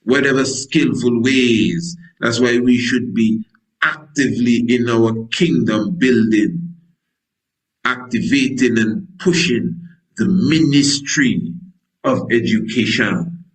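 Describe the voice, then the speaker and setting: A man's voice: mid-range voice, takes it slowly, rough recording. A male priest preaching a sermon in a folksy, digressive way, full of wordplay, who acts out scripture dialogue in different voices.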